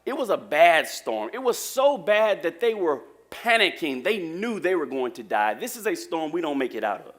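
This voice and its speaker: Male preacher, higher voice, animated and joking with the church. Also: moderate pace, few pauses. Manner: lively, joking preacher talking to the congregation. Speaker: pastor. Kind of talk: sermon.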